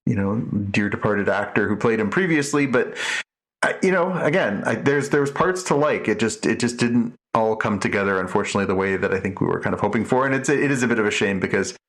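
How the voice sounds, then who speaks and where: A man's voice: on the low side, animated, quick pace. A middle-aged man co-hosting a podcast in casual chat, rambling with many restarts and fillers. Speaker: podcast co-host.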